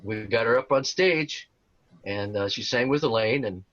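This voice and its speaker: A man in his sixties, a tribute performer being interviewed, tells stories in a rambling, casual way, full of fillers and restarts. His voice is mid-range and a bit bright at a normal speed, with no room sound, though the recording is dull and lo-fi.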